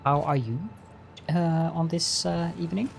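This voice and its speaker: Gravelly-voiced man streaming a building game. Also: a little high, steady tone, unhurried, soft background music. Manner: chatty, talks to himself while building; greets chat with mock-formal politeness. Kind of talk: live-stream gameplay commentary.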